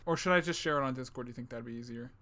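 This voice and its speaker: A man streamer in casual chat, excitable and swearing freely, sometimes drifting off the mic. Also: medium pitch, rapid-fire, slight background noise.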